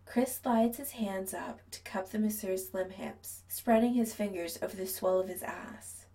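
A woman reading a story aloud in a soft, hushed narration that often drops to a whisper. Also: medium pitch, unhurried, recorded from a distance, poor audio. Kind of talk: scripted narration.

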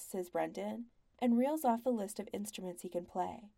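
Woman, audiobook narrator, measured, mellow warm tone, gravelly. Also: medium pitch.

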